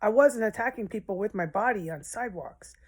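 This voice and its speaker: Woman, vlogger, rambling monologue, emotional, swears a lot, talks to viewers, mid pitch. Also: lively intonation, fairly quick, husky.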